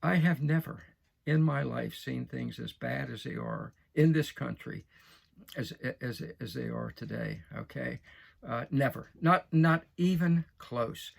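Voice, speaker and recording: A man's voice: mid-range voice, animated, normal speed, gravelly, husky. A man in his sixties from the United States hosting his own show, talking folksily with frequent restarts and repetitions. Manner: folksy, repeats himself, frequent restarts and fillers. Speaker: show host. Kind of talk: casual direct-to-camera talk.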